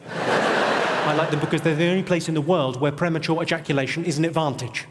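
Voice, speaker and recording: A male stand-up comedian with a posh English accent, delivering dry, deadpan one-liners on a theatre stage. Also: a little high, a little fast, heavy background noise. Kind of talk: stand-up routine. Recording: reverberant theatre, loud crowd.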